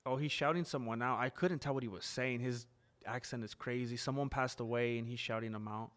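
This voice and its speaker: A man hosting a live stream, reacting to a fight broadcast in a chatty, excitable, joking way and talking straight to his viewers. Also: medium pitch, fairly quick. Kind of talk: casual live-stream commentary.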